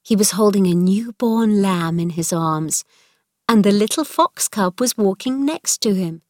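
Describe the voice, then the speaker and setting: A woman reads a storybook chapter aloud in a clear, measured way. She takes her time over each phrase, at an unhurried pace. The recording is dry and close, with no room sound. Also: medium pitch, expressive, a little mellow, dry recording. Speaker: narrator. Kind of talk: slow storybook reading.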